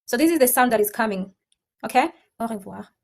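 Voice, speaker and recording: A woman teaching a French class, drilling pronunciations by slowly repeating each word. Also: a little high, animated. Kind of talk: classroom language lesson. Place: classroom with students.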